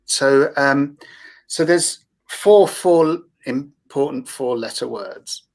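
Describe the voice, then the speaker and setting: Gravelly London man, rambling and earnest. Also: medium pitch, slow pace. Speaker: guest therapist. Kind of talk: casual group discussion.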